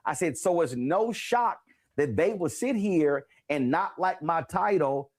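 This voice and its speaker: Brief: US male host, very expressive pitch, retells scenes with voices. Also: unhurried. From United States. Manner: animated storyteller, acts out remembered exchanges. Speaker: talk show host. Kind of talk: interview.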